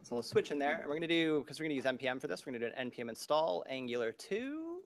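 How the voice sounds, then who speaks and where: A man giving a live-coding talk, explaining in a quick, loose way full of fillers like "like" and "right?". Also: fairly high pitch, sing-song, slight background noise. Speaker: speaker doing live coding.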